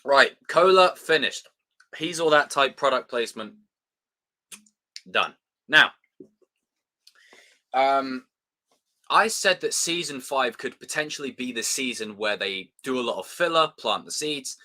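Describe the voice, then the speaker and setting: A British man hosting a casual live review chat, excitable and sweary, with plenty of fillers. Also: mid-range voice, measured pace, long pauses. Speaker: show host.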